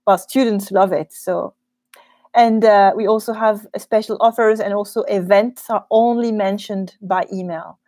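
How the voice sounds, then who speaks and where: A French teacher with a French accent, chatting in a live question-and-answer session from a small office studio room, laughing easily between frequent ums. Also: female voice, medium pitch, fairly even intonation, moderate pace, dark tone, no echo. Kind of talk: live Q&A chat.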